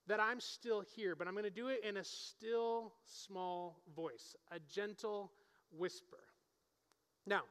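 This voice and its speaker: A middle-aged man preaching a sermon in a relaxed, conversational way, often checking in with his listeners. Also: high-pitched, smooth. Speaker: pastor. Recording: long reverb of a large hall.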